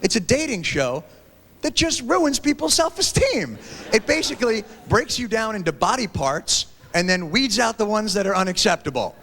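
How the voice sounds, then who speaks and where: A man in his thirties performing a stand-up comedy routine on stage, acting out characters in quick voices, recorded from a 1990s TV special on VHS with audience laughter. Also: high voice, very animated, fairly bright tone. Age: 30s. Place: theater stage before a live audience. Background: audience laughter and applause.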